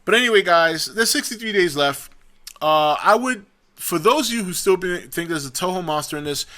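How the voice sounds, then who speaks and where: A man's voice: sits high, lively intonation, moderate pace, sharp tone. A young man hosting a casual opinion vlog, talking in a rambling, chatty way with frequent restarts and self-corrections. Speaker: vlog host.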